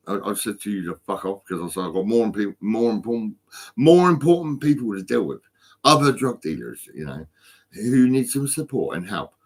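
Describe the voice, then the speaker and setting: The husky, fairly low voice belongs to a stoned vlogger talking into his phone. His unscripted, loose vlog is full of rambling, restarts and stumbles, with swearing in nearly every sentence.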